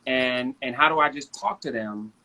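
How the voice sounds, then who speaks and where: A man's voice: medium pitch, moderate pace. A man in his thirties chatting casually on a video call, telling family stories animatedly and acting out his children's voices. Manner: animated storytelling, acts out his kids' voices. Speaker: guest. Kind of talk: casual chat.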